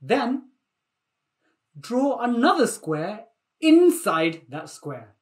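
A man teaching a live online maths lesson for children, energetic and playful, often repeating himself. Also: extremely high pitch, very slow.

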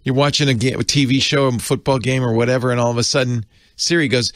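A man giving casual tech commentary, chatty and jokey, doing quick silly voices for gadgets. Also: mid-range voice, fairly even intonation, no echo, clean studio sound.

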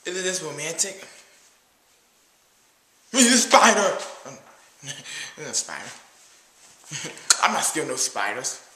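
A man's voice: medium pitch, lively intonation, measured pace, pauses often, sharp tone, reverberant, a little hiss or hum. A man playing a stingy, jittery date guy. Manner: boastful, jittery, talks about himself as "your boy". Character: cheap, nervous male date who boasts. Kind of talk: comedy skit.

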